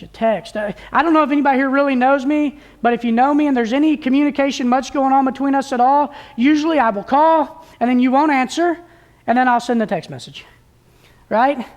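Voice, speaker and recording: A woman's voice: a little high, a little mellow. A woman preaching a conversational sermon at a church service, plain-spoken and folksy, often restarting her sentences.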